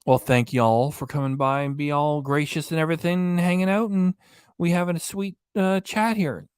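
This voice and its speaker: A man's voice: on the high side, fairly even intonation, moderate pace, clean tone, no room sound, studio quality. Folksy man chatting with viewers. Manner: reads viewer comments aloud and answers them, folksy and joking. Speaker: livestream host. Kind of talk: casual late-night livestream chat. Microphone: desk microphone.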